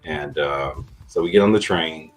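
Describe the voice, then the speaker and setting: A man's voice: extremely low pitch, unhurried, soft background music, rough recording. A man hosting a podcast, telling a rambling story in a laid-back, profane, casual way. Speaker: podcast host.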